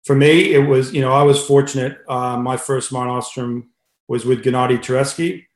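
A man's voice: mid-range voice, steady tone, normal speed, reverberant. A middle-aged Australian man, a swimming coach being interviewed, who chats casually and tells stories with many fillers and restarts. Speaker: head swimming coach, guest.

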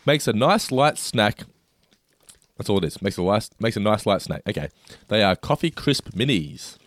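Low-voiced man taste-testing snacks. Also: big pitch swings, moderate pace, no echo, studio quality. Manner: enthusiastic, describes food while chewing. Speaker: co-host. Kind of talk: casual snack taste-test chat.

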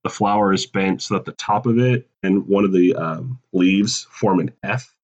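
A man casually pitching a comedic movie sequel on a podcast, laughing at his own puns. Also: normal speed, a little mellow, dull audio.

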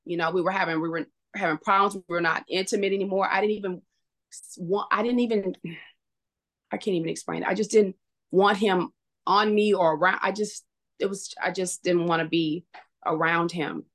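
A woman guest on a podcast, telling a painful personal story in an emotional, halting way, full of restarts. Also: lowish voice, fairly even intonation, a bit bright.

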